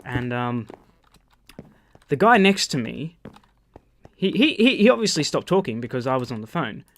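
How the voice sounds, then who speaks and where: A man with an Australian accent telling rambling, animated stories while commentating his gameplay, swearing freely. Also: medium pitch, normal speed. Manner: rambling, animated anecdotes with profanity. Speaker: gaming channel host. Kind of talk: storytelling over gameplay commentary.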